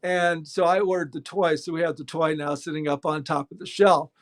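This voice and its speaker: Middle-aged man, bookstore owner, chatty anecdotal guest, slightly high voice. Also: fairly quick. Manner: animated anecdotes, acts out quoted voices. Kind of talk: casual interview storytelling.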